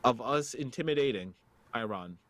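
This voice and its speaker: A man co-hosting a casual news podcast, reading stories aloud with halting fillers. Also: mid-range voice, expressive, fairly bright tone. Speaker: podcast co-host.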